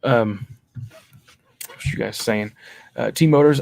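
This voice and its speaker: A man's voice: on the low side, unhurried, vocal fry, long pauses, darkish tone, no room sound. A man in his thirties hosting a livestream, chatting casually about toys as he reads out viewer comments, rambling with many fillers and restarts. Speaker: livestream host.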